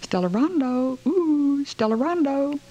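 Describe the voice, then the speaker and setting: A woman's voice: on the low side, quick pace, gravelly, a little mellow, dull audio. A woman voicing an overbearing older mother who scolds her daughter in a dramatic reading of a story. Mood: calling shrilly. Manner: scolding, indignant, theatrical.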